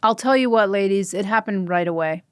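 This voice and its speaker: A woman's voice: mid-range voice, a little fast, clear, resonant tone, no room sound. Jersey woman telling a funny story on a podcast, acts out all the voices, dry close sound. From New Jersey. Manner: animated, acts out quoted voices. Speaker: podcast guest. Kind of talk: comedic storytelling.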